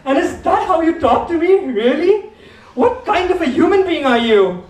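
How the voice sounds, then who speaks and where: A man's voice: very high voice, sing-song, normal speed, roomy sound, distant mic, pitched above the performer's own voice, low-quality recording. A man voicing a nagging middle-aged mother with an Indian accent, scolding her son. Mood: indignant.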